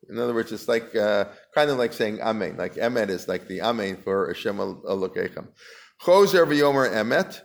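A man's voice: mid-range voice, gravelly. A man teaching a Talmud class, chanting Aramaic passages and then explaining them in casual English, asking the class questions and often restarting his sentences. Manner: conversational, asks the class questions.

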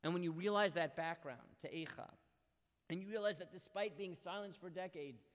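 A man with a high voice teaches a Bible class, reading Hebrew verses and translating each one. His delivery is impassioned and moves between hushed passages and loud ones. A long reverb trails behind his voice. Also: moderate pace. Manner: reads Hebrew verses, then translates them. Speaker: Torah teacher.

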